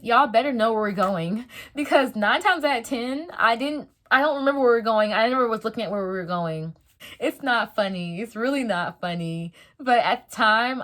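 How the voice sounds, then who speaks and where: A young adult woman telling a story in a casual storytime vlog, slangy and animated, acting out the voices of the people in it. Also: mid-range voice. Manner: animated, slangy, dramatic retelling. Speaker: vlogger.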